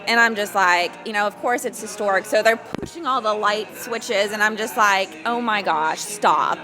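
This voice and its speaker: A woman's voice: mid-range voice, normal speed, over music. A woman who sells luxury homes, chatting in an interview and acting out quotes as she tells stories. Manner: animated storyteller, acts out quotes. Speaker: luxury real estate agent. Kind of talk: casual interview chat.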